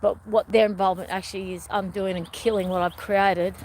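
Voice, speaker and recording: Middle-aged woman, live-stream vlogger, chatty and meandering, mid-pitched voice, faint noise behind. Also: little pitch movement, brisk, darkish tone. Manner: chatty and meandering, often addresses viewers as everyone. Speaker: wellness vlogger. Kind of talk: rambling live-stream chat.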